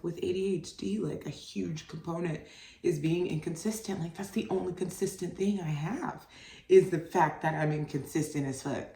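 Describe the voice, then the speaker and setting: Low-voiced young woman rambling candidly. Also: dark tone. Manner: candid, rambling, heavy on "like" fillers, swears freely. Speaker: podcast host, mother. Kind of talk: casual solo podcast monologue. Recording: roomy, voice distant from the mic.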